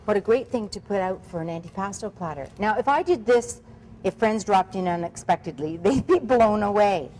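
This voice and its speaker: A woman's voice: mid-range voice, lively intonation, normal speed, darkish tone, rough recording. A woman co-hosting a cooking demonstration, chatty, enthusiastic and playfully teasing. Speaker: co-host. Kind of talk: cooking demo chat.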